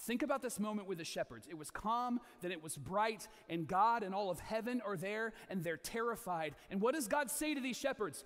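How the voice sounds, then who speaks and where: High-voiced guy preaching a sermon, lively, does little voices, big echoey church hall. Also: a little fast, hardly any pauses. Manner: animated, acts out quoted voices, repeats key lines. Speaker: pastor.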